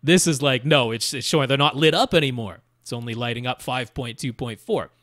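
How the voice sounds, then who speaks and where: A man's voice: medium pitch, fairly quick, a bit bright, dry recording. Man explaining gear setup, dry sound. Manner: explanatory, many restarts and fillers. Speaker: podcast co-host. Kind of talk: casual technical chat.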